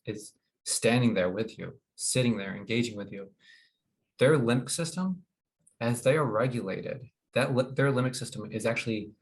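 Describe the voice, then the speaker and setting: A man presenting a wellness webinar in an informal, halting way, with many fillers and restarts. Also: mid-range voice, creaky, low-quality recording. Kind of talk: informal educational talk.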